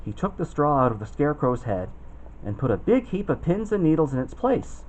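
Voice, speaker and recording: Man reading a storybook with lively pitch. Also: fairly quick, low-quality recording. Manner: expressive, puts on voices for the characters. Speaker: storybook reader. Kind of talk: reading a children's storybook aloud.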